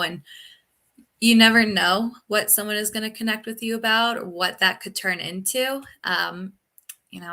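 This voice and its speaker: Bright-voiced young woman recruiter chatting. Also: mid-range voice. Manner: chatty, upbeat, frequent ums and you knows. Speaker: guest, technical recruiter. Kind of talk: casual live-stream interview. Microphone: video call.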